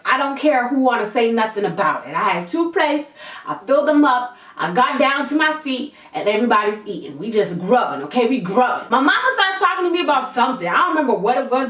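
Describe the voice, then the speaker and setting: A young woman telling a storytime vlog in a lively, slangy way, swearing freely. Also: high voice, echoey room, far from the mic. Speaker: vlogger.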